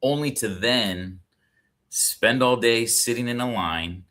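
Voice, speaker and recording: A man co-hosting a casual livestream chat, relaxed and laughing often, with many fillers. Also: medium pitch, takes it slowly. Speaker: co-host.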